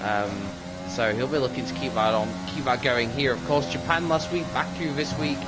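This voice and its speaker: A lead commentator delivers lively, conversational play-by-play of sim racing qualifying, sprinkled with fillers, over a music bed. His voice is medium-pitched at a moderate pace.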